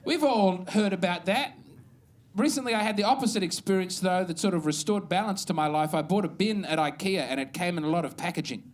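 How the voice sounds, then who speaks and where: A wry Australian man doing stand-up on a club stage, his voice sitting notably high for a man. He wanders through his bits in a meandering, self-mocking way, speaking into a handheld stage mic. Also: brisk, a little hiss or hum. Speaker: stand-up comedian. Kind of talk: stand-up set.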